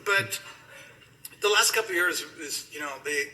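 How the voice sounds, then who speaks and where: Middle-aged man, eulogy at a funeral, very bright slightly raised voice, rambling and emotional. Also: high-pitched, moderate pace, low-quality recording. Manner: rambling and emotional, laughing through stories. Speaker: friend giving a eulogy. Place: funeral gathering indoors.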